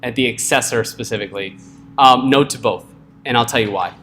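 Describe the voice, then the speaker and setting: A man's voice: mid-range voice, brisk, sharp tone, slight background noise. A man teaching a live coding class in a casual, joking way, often checking in with the room. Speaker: coding instructor.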